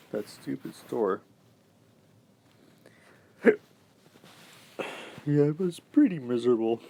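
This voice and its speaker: A young man telling a rambling story about his old job, halting and swearing when worked up. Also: medium pitch, dark tone, a little hiss or hum. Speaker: vlogger. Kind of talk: casual storytelling rant.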